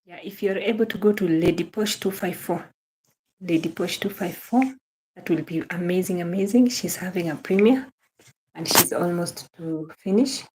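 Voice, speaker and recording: A young woman with a Kenyan accent hosts a casual livestream, welcoming viewers one by one and repeating her thanks and praise. Her voice sits low and sounds mellow and soft-edged. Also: moderate pace. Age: young adult. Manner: effusive, repeats phrases, greets viewers by name. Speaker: livestream host.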